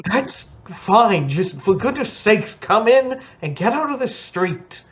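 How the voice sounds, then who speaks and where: Give me a high, fussy halfling manservant, played by a man, prim and bossy about manners. He speaks slowly and talks down to the guests. The sound is a little muffled. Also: very animated, a crowd in the background, heavily acted. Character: fussy male halfling butler, scolding and prim.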